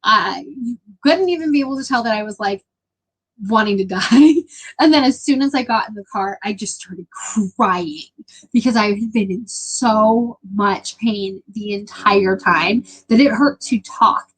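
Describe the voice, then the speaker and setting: Chatty woman with a breathy voice. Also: mid-range voice, measured pace, poor audio. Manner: chatty, rambling, lots of "like" fillers. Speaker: live stream host. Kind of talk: casual chat with viewers.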